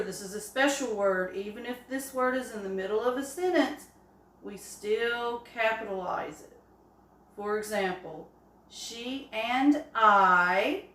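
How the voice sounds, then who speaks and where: Slow, encouraging teacher woman. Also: medium pitch, slight background noise. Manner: slow, encouraging, with drawn-out examples. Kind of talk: early-grade phonics lesson. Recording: echoey room.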